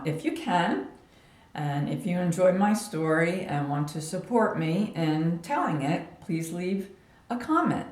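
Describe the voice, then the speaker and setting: A woman vlogger telling a personal story in a slow, meandering way, laughing as she goes. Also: sits low, roomy sound.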